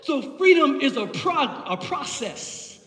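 Male pastor, very high voice, passionate repetitive preaching, roomy church echo. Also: very animated, slow, bright, forceful tone. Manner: impassioned, builds with repeated phrases. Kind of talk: sermon. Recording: echoey hall from far off.

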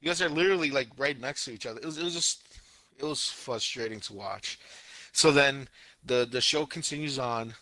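Young guy ranting on a podcast, bright tense voice, super animated, acts out the scenes. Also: medium pitch, fairly quick, no echo. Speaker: anime podcast co-host. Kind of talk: casual podcast review chat.

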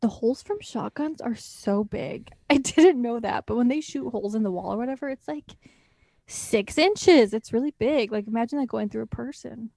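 Chatty woman, slightly high voice. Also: normal speed, vocal fry, a little mellow, dry recording. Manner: chatty, laughs often, wry asides. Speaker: podcast co-host. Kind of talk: casual movie recap chat.

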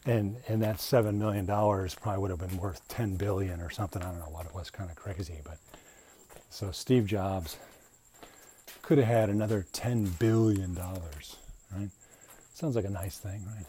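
A man's voice: sits low, moderate pace, warm tone, slight background noise. A middle-aged man hosting a podcast, telling a rambling, jokey personal story in a casual way. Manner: rambling, jokey, self-interrupting. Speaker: podcast host.

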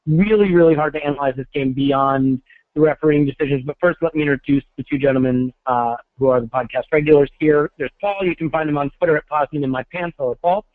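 A man's voice: a little high, fast talker, no room sound. Wry man over a tinny phone line. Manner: wry, self-deprecating. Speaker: podcast host. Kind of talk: casual podcast chat.

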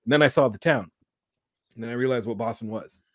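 A man from Canada telling a story in casual podcast chat, animated and laughing often. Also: medium pitch, quick pace, no echo, studio quality.

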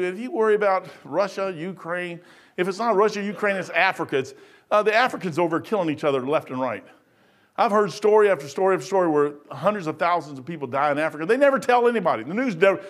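With a high-pitched voice, a sixty-something pastor preaches in a folksy, animated way. He swings from quiet asides to loud bursts and acts out the voices in his stories.

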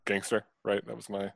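A man in casual podcast chat, low-key and a little mumbling. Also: vocal fry, fairly bright tone, no echo.

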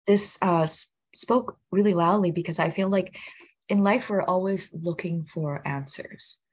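A woman host chatting reflectively about a poem she has just heard. Her voice is husky and low, and she pauses and restarts often as she gathers her thoughts. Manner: warm, reflective, halting with fillers. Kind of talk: casual chat.

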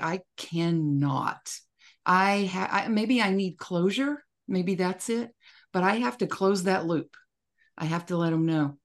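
A woman co-hosting a podcast, speaking frankly and directly in casual chat. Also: mid-range voice. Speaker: podcast co-host.

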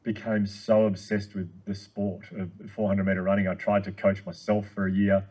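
A man in his thirties, a guest speaker telling a long story in casual chat, excitable and quick. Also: lowish voice, slightly rough, rough recording.

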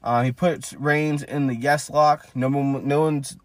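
A man's voice: mid-range voice, steady tone, unhurried, no echo. A man co-hosting a casual wrestling podcast, recapping matches blow by blow with many fillers. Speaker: podcast co-host.

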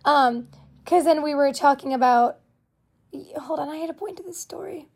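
A woman's voice: high voice, moderate pace, gravelly. A young woman hosting a podcast alone in her room, rambling through stories in casual chat with lots of fillers. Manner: rambling, chatty storytelling with frequent fillers. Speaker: podcast host.

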